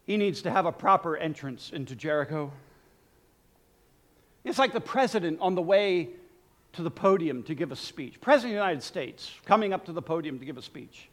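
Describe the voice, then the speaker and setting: A man's voice: on the high side, animated, brisk. A man preaching a sermon in an emphatic style, speaking directly to his listeners.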